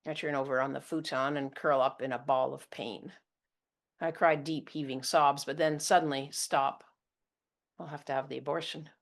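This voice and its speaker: A woman's voice: low voice, steady tone, normal speed, gravelly. A woman narrating her own first-person serial story in a blunt, intimate, confessional manner.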